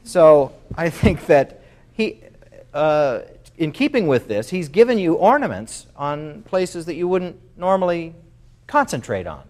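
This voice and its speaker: A man's voice: on the high side, sing-song, measured pace, darkish tone. A man giving a music masterclass, explaining at length with many fillers and singing phrases on syllables to show them. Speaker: music clinician. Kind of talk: masterclass coaching.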